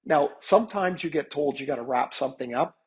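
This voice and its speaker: A man's voice: a little high, expressive, a little fast, slightly rough, low-quality recording. A man in his fifties, a hockey analyst, telling stories in a chatty podcast interview, with many restarts.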